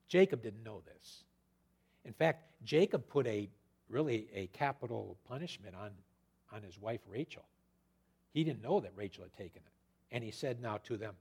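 A male preacher giving an expository sermon in a conversational, animated way, retelling the scripture with his own asides. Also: medium pitch, moderate pace, breathy edge.

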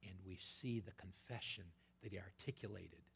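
A man preaching a sermon, quoting scripture and swinging between loud emphatic peaks and hushed whispers. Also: sits low, moderate pace, gravelly, slight background noise. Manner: quotes scripture in old-fashioned wording.

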